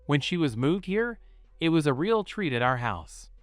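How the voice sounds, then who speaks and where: A man's voice: on the high side, sing-song, moderate pace, dry recording. A man voicing a sarcastic teenage older brother, teasing in tone.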